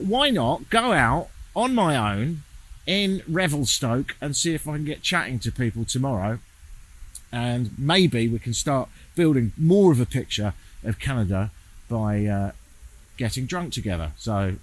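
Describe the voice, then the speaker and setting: A man making a casual travel vlog while walking outdoors, sardonic and self-mocking, swearing freely. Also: mid-range voice. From England. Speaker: travel vlogger. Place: outdoors, walking through a town.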